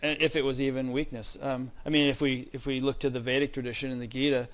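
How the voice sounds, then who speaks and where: A man's voice: mid-range voice, flat delivery, fast talker. A man hosting an interview, speaking reflectively in a casual spiritual conversation and giving short affirmations while his guest talks. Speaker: interview host.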